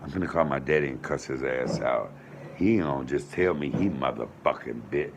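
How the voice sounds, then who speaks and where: Man, 50s, comedian: low gravelly voice, profane and heated, noisy phone recording. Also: normal speed. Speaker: comedian host. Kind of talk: casual emotional monologue.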